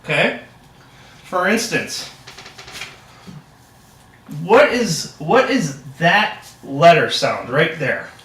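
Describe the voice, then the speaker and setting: High-pitched, upbeat young man tutoring. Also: very animated, very slow, long pauses, fairly bright tone, slight background noise. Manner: upbeat and encouraging, heavy praise. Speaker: reading tutor. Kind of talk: practice lesson role-play. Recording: echoey room, distant mic.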